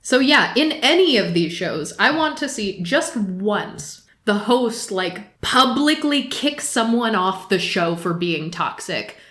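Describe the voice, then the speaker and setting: A woman co-hosts a casual podcast, her voice sitting at an everyday middle pitch. She talks animatedly and with clear exasperation, and she breaks into laughter often. The room around her gives a roomy, echoey sound. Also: animated, slow, hardly any pauses, a bit bright. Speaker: podcast co-host.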